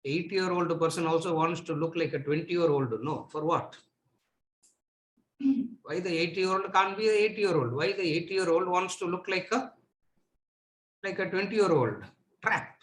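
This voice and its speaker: A man's voice: high voice, normal speed, long pauses, a bit bright, slight background noise. A man teaching a spiritual lecture to a seated audience, asking rhetorical questions and repeating words for emphasis. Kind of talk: lecture on scripture. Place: lecture room with live audience. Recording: echoey room.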